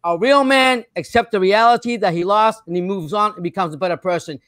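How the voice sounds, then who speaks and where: Very high-voiced older man arguing hotly. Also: fairly quick, no echo. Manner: forceful, swears, repeats himself, cuts in. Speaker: boxing fan in a debate. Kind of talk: heated street argument.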